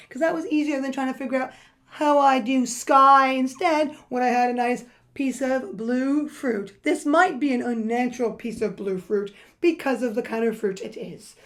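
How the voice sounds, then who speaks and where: A rather high-voiced woman talks through her nail painting in a loose, rambling way. She gets excitable and sing-song, and her voice crackles a little. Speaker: nail art vlogger. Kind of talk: casual voice-over while painting nails.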